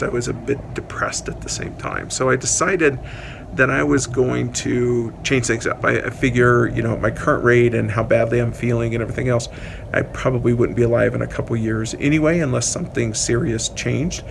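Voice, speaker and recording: A man's voice: medium pitch, vocal fry, a bit bright. A man talking openly and reflectively in a personal vlog, rambling a little with many fillers, recorded outdoors on a walk. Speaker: vlogger documenting a long fast. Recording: noisy outdoor recording with traffic. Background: outdoor ambience and passing vehicles.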